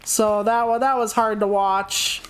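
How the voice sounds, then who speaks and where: With faint game music in the background, a young adult woman rambles through a casual, candid game stream and swears freely. She has a clean, mid-range voice, a steady tone, and an unhurried pace, but the audio is poor.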